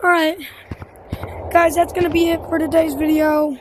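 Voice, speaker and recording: A woman's voice: very high voice, level tone, normal speed, background noise. A young woman casually commenting on her VR gameplay, chatty and rambling with lots of fillers, into a headset mic. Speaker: gaming YouTuber.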